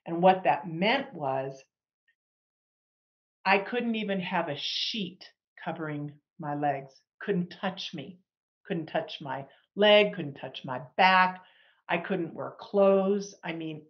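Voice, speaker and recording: A middle-aged woman sharing a personal healing testimony as a guest, animated and acting out the people she quotes. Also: on the low side, slow pace, lo-fi sound. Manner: animated, acts out quoted dialogue.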